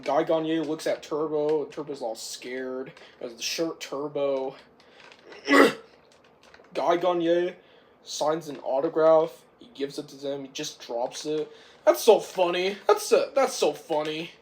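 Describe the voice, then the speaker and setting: A reviewer with a sore throat rambling casually through a film's plot, clearing their throat again and again. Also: mid-range voice, slow pace, slight background noise. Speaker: film reviewer. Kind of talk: rambling casual movie recap.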